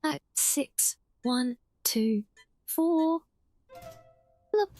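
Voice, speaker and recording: A woman's voice: sits high, animated, drawn-out words, a little mellow, faint music behind. A British woman streaming a game live, chatting casually, often correcting herself mid-sentence and answering her chat. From Britain (half English, half Welsh).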